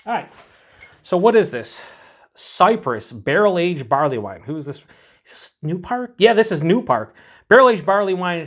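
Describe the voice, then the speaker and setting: A man reviewing beer mail on his channel, talking casually and enthusiastically, rambling and thinking out loud as he unpacks bottles and cans. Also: a little high. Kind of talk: casual unboxing chat.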